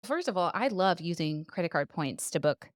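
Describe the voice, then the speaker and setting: A woman's voice: lowish voice, expressive, normal speed, no echo, clean studio sound. A woman who is a doctor co-hosting a casual podcast, chatty and playful as she tells stories. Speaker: podcast co-host.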